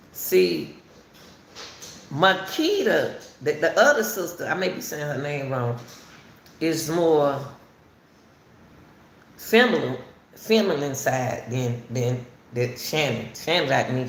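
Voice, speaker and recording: Speaking directly to her viewers, this commentary channel host discusses a case in a casual, emphatic, repetitive way. Her deep voice is animated, and she takes it slowly with frequent pauses. The room echoes, and faint noise sits in the background.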